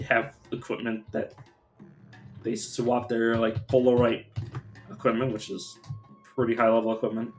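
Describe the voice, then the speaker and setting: A man streaming a video game live, chatting casually in a rambling, profane, self-interrupting way. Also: medium pitch.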